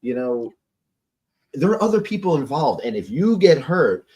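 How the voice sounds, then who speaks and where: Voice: mid-range voice, moderate pace. An American host chatting casually, blunt and swearing, reacting freely to his guest. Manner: blunt, swears, lively back-channel reactions. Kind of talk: casual interview chat.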